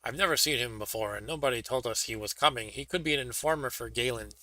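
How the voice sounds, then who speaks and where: A man's voice: medium pitch, fast, pushed and bright, natural voice. A man voicing a tall, suspicious male bird in glasses in a read-aloud gamebook.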